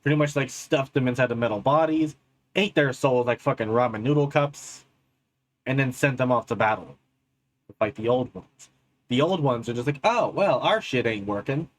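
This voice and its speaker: A man's voice: medium pitch, moderate pace. A man hosting a reaction video, retelling lore in a rambling, crude, jokey way. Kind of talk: casual reaction commentary.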